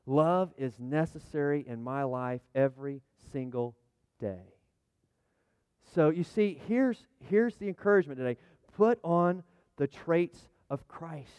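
Middle-aged male pastor, folksy sermon with asides, smooth tone, dry close sound. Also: a little high, unhurried, darkish tone, no echo. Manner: chatty, folksy, full of restarts and asides; jokes with the congregation, calls for amens. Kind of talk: conversational sermon with props.

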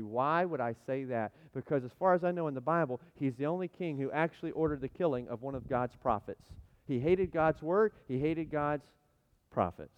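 A man preaching a sermon as pastor, dynamic, swinging between loud appeals and hushed asides. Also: high-pitched. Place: church sanctuary. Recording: echoey hall, dull lo-fi sound.

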